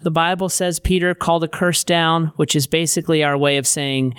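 A man's voice: fairly high pitch, fairly even intonation, moderate pace, hardly any pauses, a bit bright, clear, resonant tone, no echo. A man narrating a Bible story in a conversational way with modern paraphrases, on a close studio mic.

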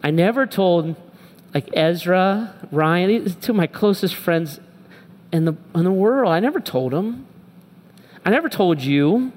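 A middle-aged pastor giving a sermon, speaking candidly and emphatically and repeating short phrases. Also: male voice, sits high, animated, a little slow, darkish tone. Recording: long reverb from a large hall.

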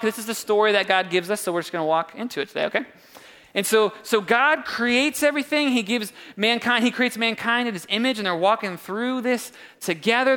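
A young man preaching a sermon in a church, casual and joking, swinging widely between high and low. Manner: casual and joking, with wide swings of pitch and loudness. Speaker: pastor.

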